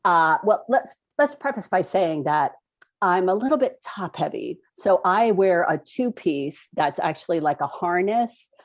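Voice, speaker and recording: A woman's voice: fairly low pitch, expressive, a little slow. A woman co-hosting a casual talk show, telling a story animatedly, often laughing and acting out quotes. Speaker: co-host.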